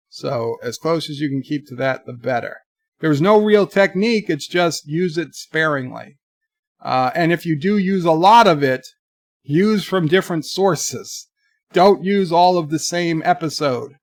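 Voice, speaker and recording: Gravelly, rambling male streamer. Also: fairly high pitch, dry recording, studio quality. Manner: rambling, jokey, reads viewer letters aloud. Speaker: streamer answering viewer questions. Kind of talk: casual live-stream chat.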